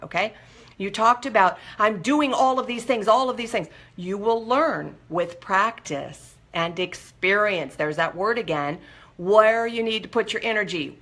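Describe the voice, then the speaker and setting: A woman's voice: medium pitch, pushed and bright. A woman hosting a live-streamed recovery support talk, coaching viewers in an earnest, direct way.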